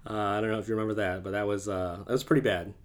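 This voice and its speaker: Male podcast host, casual and rambling, quick to laugh. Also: on the low side, fairly even intonation. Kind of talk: casual chat.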